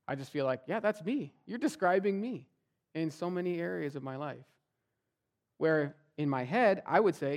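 A man's voice: a little high, animated, moderate pace, a little mellow. A man preaching a sermon as pastor, talking to the congregation in a conversational way and acting out what people might say. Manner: conversational preaching, acts out quoted voices.

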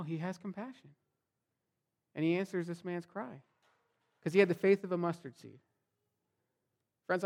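Conversational pastor preaching a sermon. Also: male voice, fairly high pitch. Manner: conversational preaching, acts out quoted voices.

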